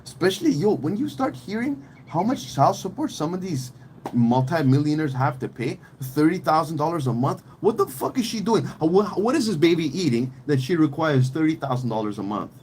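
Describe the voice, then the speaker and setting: A man's voice: a little high, animated, normal speed, darkish tone, a little hiss or hum, low-quality recording. A man talking on a podcast in a casual, opinionated way, rambling and emphatic, with plenty of slang, swearing and restarts. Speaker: podcast host.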